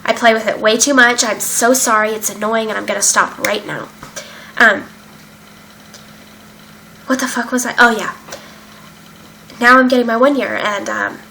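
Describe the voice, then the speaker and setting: A woman's voice: fairly high pitch, expressive, normal speed, long pauses, bright, forceful tone, slight background noise, rough recording. A young woman candidly telling her own story in a casual vlog, emotional and open, with many fillers and some swearing. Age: young adult. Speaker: vlogger sharing her recovery story. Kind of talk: casual personal account.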